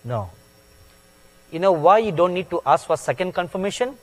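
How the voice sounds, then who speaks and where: A man preaching a sermon in a slow, deliberate way, stressing words with sudden loud peaks. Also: sits high, animated. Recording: long hall reverb.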